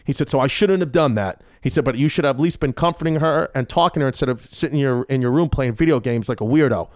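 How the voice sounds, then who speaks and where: A comedian guest telling stories in casual chat, animated and profane, acting out quotes. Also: male voice, medium pitch, fast talker, no room sound, studio quality. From New York. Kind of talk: casual storytelling.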